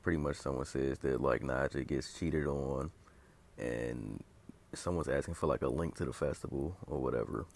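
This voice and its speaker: A man's voice: a bass voice, moderate pace, gravelly. A young man casually recapping a TV episode and quoting the characters in his own voice. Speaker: video recapper.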